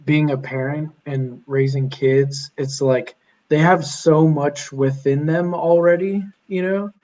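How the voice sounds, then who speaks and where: A young man, a podcast guest, chatting casually and telling animated stories with lots of fillers. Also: a little high, slow pace, low-quality recording. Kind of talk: casual chat.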